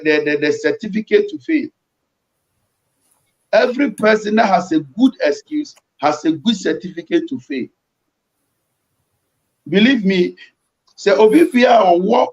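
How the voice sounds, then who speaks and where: Pastor with a high, muffled voice. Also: male voice, darkish tone. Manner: preachy, repeats phrases for emphasis. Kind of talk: motivational talk.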